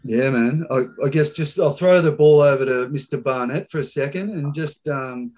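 A man hosting a podcast, asking halting, hesitant questions. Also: fairly high pitch, darkish tone. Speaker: podcast host. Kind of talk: casual chat.

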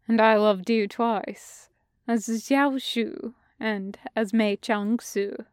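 A woman reading the lines of a calm, earnest prince in a fan audiobook, firm and sincere. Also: fairly high pitch, slow, clean tone, no room sound, studio quality.

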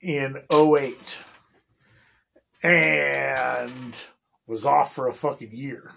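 A man's voice: medium pitch, drawn-out words, creaky, a bit bright, a little hiss or hum. A man in his forties, a union electrician, telling a rambling work story in casual chat, swearing constantly.

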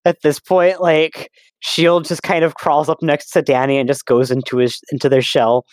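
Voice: medium pitch, level tone, moderate pace, darkish tone, no room sound. A player describing what their character does, hesitant and restarting mid-sentence. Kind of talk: tabletop role-play narration of own character.

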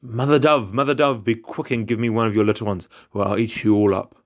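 A man voicing a sly, hungry jackal that shouts threats in a storybook tale. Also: on the low side, fairly even intonation, fairly quick, lo-fi sound, lightly acted. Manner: calls out loudly and menacingly.

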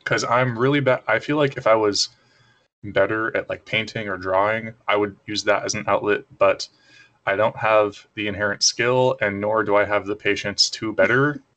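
A young man co-hosting a podcast in casual chat, relaxed and self-deprecating. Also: on the low side, moderate pace, dull audio. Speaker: podcast co-host.

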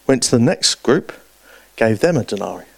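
Guy preaching a sermon, animated storytelling, gets loud then goes quiet, dry close sound. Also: medium pitch, moderate pace, gravelly, no echo. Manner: lively storytelling, shifts between loud and hushed.

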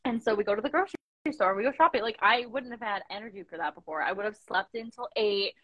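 A woman's voice: mid-range voice, fast, slightly rough, no echo, highs cut off. A young woman business owner chatting casually on a video call, full of fillers and quoted asides. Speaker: coaching client, business owner.

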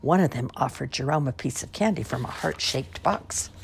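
A woman reading a children's story aloud with expressive, lively voicing. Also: a bass voice, normal speed, gravelly, slight background noise.

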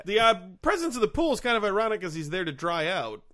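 A man's voice: high-pitched, big pitch swings, fast, pushed and bright. A man co-hosting a comedy podcast, introducing guests and bantering in a wry, playful way. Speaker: podcast co-host.

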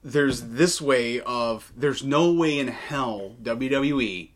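A mid-range male voice speaks slowly as a co-host of a casual wrestling news podcast. His talk is hesitant, riddled with fillers and false starts.

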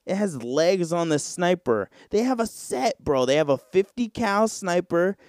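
A man's voice: high-pitched, lively intonation, a little slow, darkish tone, no echo, clean studio sound. A man hosting a solo podcast, talking loosely and casually with lots of slang. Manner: loose, slangy, rambling with frequent "bro". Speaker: podcast host.

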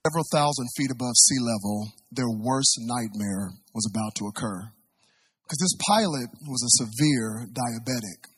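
A man preaching a sermon, telling a story dramatically with big swings in loudness. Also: medium pitch, moderate pace, slightly rough.

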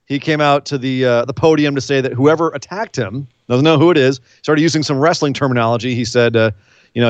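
A man co-hosting a casual wrestling recap, rambling and animated, often acting out what the wrestlers said. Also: mid-range voice, a little fast, no room sound, dull audio. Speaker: wrestling podcast co-host.

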